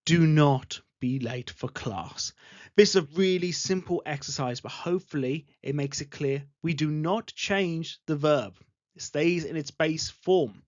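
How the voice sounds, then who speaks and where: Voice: mid-range voice, normal speed, a little mellow, no room sound. An English teacher giving an online grammar lesson, speaking patiently and repeating example sentences. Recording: dull lo-fi voice recording.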